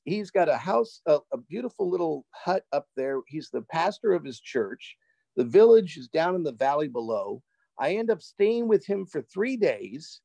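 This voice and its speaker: A man as an interview guest, telling a personal travel story in an animated, casual way and often repeating words as he gets excited. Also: on the high side, vocal fry, dry recording, rough recording.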